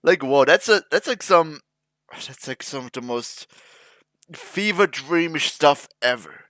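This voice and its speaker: A man's voice: on the high side, animated, a little slow, fairly bright tone, no room sound. Joking young man reacting to a video. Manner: rambling, joking, trails into mock-emotional mumbling. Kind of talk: casual reaction commentary.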